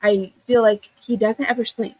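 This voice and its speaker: A woman's voice: fairly high pitch, steady tone, moderate pace, darkish tone, rough recording. A young adult woman co-hosting a podcast, chatting casually about her kids. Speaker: podcast co-host. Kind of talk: casual chat.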